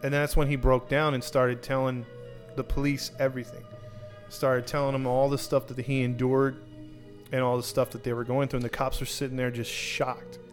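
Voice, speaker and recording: Man, podcast host, casual true crime storytelling, rambling, restarts, middle pitch. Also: little pitch movement, normal speed, music in the background. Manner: rambling, with many restarts and acted-out quotes.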